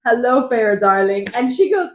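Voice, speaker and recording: A young woman from Miami, co-hosting a podcast, talking in a dramatic, expressive way. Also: a little high, moderate pace. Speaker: podcast co-host. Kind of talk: casual chat.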